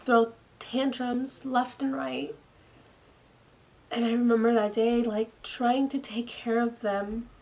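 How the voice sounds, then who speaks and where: A tired young woman speaking a personal video diary at home into her camera. She talks haltingly, with lots of "like," and often drops into a near whisper. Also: fairly high pitch, flat delivery. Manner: slow, halting, with frequent "like" fillers and soft, near-whispered stretches. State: tired and drained. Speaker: vlogger. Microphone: camera mic.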